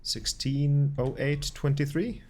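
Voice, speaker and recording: A man streaming a video game, muttering and thinking out loud as he reads in-game notes aloud. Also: on the high side, fairly even intonation, takes it slowly, slight background noise. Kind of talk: casual gameplay commentary.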